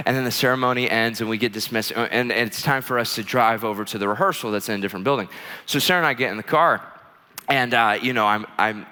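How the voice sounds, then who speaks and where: A man preaching a sermon, telling a story in an animated, chatty way with many fillers. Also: medium pitch. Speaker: pastor. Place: church auditorium. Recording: long church hall reverb.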